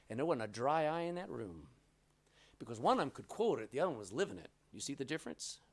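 A middle-aged pastor with a mid-range, slightly mellow voice preaches at a quick pace with lively intonation. He tells stories and acts out quoted lines by changing his voice.

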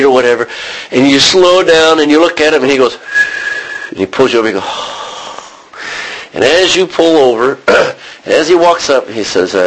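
An American man teaching a Bible sermon in a conversational way, often restarting and clearing his throat. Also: a little high, sing-song, normal speed, fairly bright tone, low-quality recording. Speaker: preacher.

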